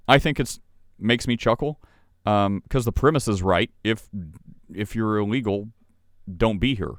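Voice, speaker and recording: A man's voice: fairly low pitch, clean tone, dry recording, clean studio sound. A man hosting a podcast, chatting casually and reading news articles aloud with asides. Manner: reads articles aloud, puts on mock voices for quoted people. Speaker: podcast host. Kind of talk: casual livestream commentary.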